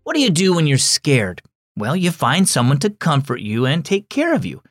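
A man hosting a Christian children's devotional and reading a story aloud, gentle and expressive. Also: fairly high pitch, moderate pace, no echo, clean studio sound, soft background music. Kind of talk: scripted narration for children.

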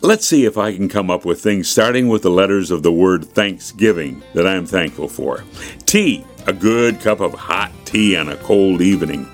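A man with a low voice reads a devotional story for children in a folksy, earnest way. Soft music plays faintly underneath. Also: expressive, moderate pace.

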